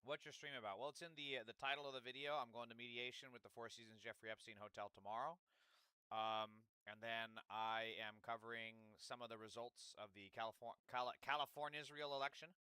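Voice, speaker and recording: A man's voice: medium pitch, steady tone, a little fast, bright, forceful tone, clear, resonant tone, no room sound. A man hosting a casual livestream, rambling and swearing freely while he eats and greets viewers at a close desk microphone. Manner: rambling, profane, talks while eating. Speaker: livestream host.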